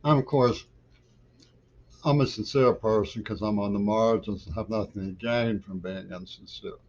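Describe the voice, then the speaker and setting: Middle-aged male poet for a home vlog; low-pitched, digressive and increasingly insistent, dull lo-fi sound. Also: steady tone, moderate pace, a little mellow, a little hiss or hum. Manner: digressive, loose trains of thought that grow insistent. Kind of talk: rambling political monologue.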